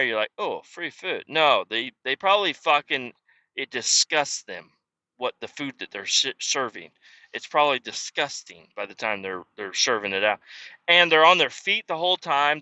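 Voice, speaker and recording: A man hosting a podcast, ranting casually with lots of swearing and sudden shouted outbursts. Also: fairly high pitch, no room sound, muffled recording. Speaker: podcast host.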